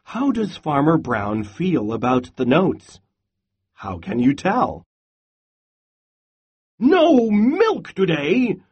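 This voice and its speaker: A man reading a children's picture book aloud as a lesson in an expressive, sing-song way, stopping for comprehension questions. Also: mid-range voice, slow, slightly rough, lo-fi sound.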